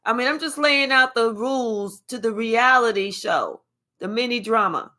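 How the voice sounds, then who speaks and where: A woman doing a casual spiritual reading to camera, profane and animated, stretching out words for emphasis. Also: a little high, normal speed. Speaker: tarot reader.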